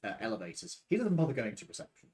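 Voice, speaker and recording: A man's voice: medium pitch, big pitch swings, racing, darkish tone. A man narrating a tabletop game as game master, describing scenes with the odd filler.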